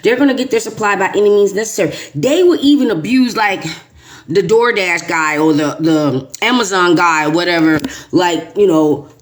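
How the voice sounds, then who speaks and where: A woman, the host and a teacher, chatting casually with a guest as an animated, emphatic storyteller. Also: lowish voice, normal speed.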